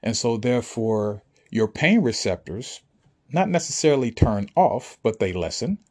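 A man's voice: mid-range voice, lively intonation, measured pace, a little mellow. A man speaking to listeners in an emphatic, preachy monologue, often asking if they understand. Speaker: spiritual speaker. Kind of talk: motivational monologue to an audience.

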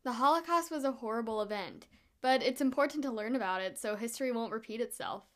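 A woman reviewing a book with a bright, enthusiastic, expressive delivery, hosting her own show. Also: on the high side, fast.

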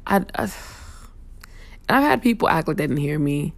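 A young woman rants bluntly in a casual talk, sassy and unfiltered, cursing freely. Her voice sits on the low side and has a gravelly, fry-laden edge. The sound is close and dry. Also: very animated, normal speed, pauses often, no room sound. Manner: blunt, sassy, profane venting. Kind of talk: casual opinion rant.

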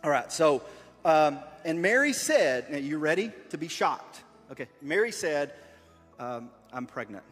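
Man, high voice, playful and encouraging, reads the story and directs the volunteers, big echoey room. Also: sing-song, measured pace, fairly bright tone, faint music behind. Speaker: leader of a children's skit. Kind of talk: reading a story aloud while directing volunteers. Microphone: wearing a body mic.

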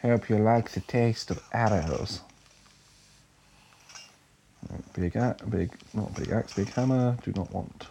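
A man's voice: fairly low pitch, moderate pace, creaky, warm tone, a little hiss or hum. A man giving casual, profane commentary while playing a game, muttering asides and repeating curses at enemies. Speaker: gamer playing through a retro game. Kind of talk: casual let's-play commentary.

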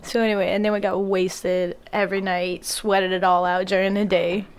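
A woman's voice: mid-range voice, level tone, normal speed, slight background noise. A woman, chatting casually as a podcast co-host, laughing often and swearing freely. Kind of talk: casual chat.

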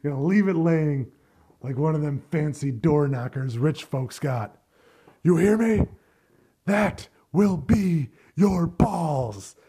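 A man putting on the voice of an enraged grieving father, growling loud, slow, menacing threats. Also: a little high, expressive, breathy edge, pitched above the performer's own voice, heavily acted. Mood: furious. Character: enraged grieving father vowing brutal revenge.

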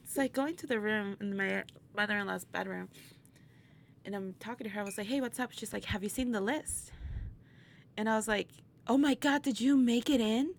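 Woman guest, gravelly edge, animated storyteller who laughs a lot and acts out quotes; light background hiss. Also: medium pitch, brisk. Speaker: interview guest, burlesque performer. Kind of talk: casual storytelling chat.

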